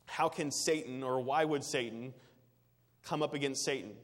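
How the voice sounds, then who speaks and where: A man's voice: mid-range voice, moderate pace, in a large hall. A man preaching a sermon as pastor, earnest and emphatic, with repetitive phrasing.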